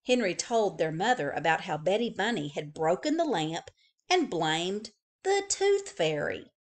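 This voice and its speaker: A woman librarian reading a picture book aloud to young children, slow and expressive. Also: fairly low pitch.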